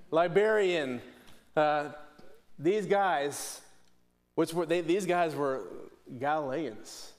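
A middle-aged man from Pittsburgh preaching a sermon earnestly, often restarting phrases and posing questions to the congregation. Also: on the high side. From Pittsburgh, USA. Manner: earnest, repeats words and restarts phrases, asks rhetorical questions. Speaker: pastor.

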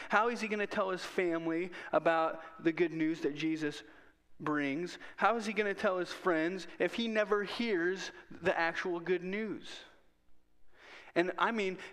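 A man's voice: on the high side, a bit bright. A man preaching a sermon in an earnest, conversational way, often restarting his sentences. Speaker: pastor.

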